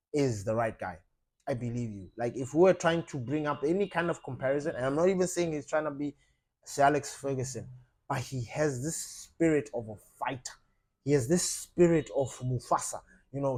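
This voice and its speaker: A man's voice: mid-range voice, moderate pace. A man hosting a fan channel, talking passionately about his football club and addressing viewers directly, with lots of fillers and emphatic outbursts. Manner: impassioned, rising to loud emphatic outbursts, frequent fillers.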